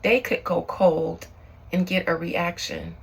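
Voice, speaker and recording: A woman's voice: on the low side, steady tone, takes it slowly, gravelly, breathy edge, heavily acted, low-quality recording. A woman medium voicing a hurt, resentful female spirit during a spiritual channeling session, in a bitter, aggrieved lament.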